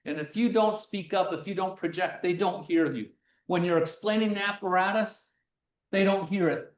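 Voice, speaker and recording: Middle-aged physics demo presenter, animated and loud, a bit off-mic in an echoey room. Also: mid-range voice, normal speed, recorded from a distance. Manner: animated, acts things out, projects loudly. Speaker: physics lecture demonstrator. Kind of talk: live workshop presentation. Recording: roomy sound from away from the mic.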